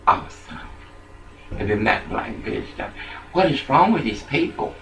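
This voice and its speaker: An older man in a rambling personal monologue, jumping between thoughts and swinging from muttering to loud outbursts. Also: fairly low pitch, sing-song, unhurried, gravelly, slight background noise, poor audio.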